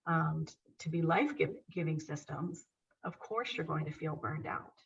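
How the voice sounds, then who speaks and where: A woman's voice: deep voice, moderate pace, vocal fry, far from the mic, highs cut off. A woman guest speaking earnestly and emphatically in a conversational interview. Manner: earnest, emphatic, repeats agreement. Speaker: guest, author and painter.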